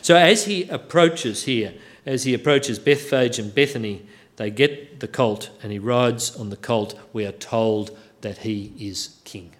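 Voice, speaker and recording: A man's voice: medium pitch, measured pace. A man preaching a sermon, walking through a Bible passage with wry, self-deprecating humour.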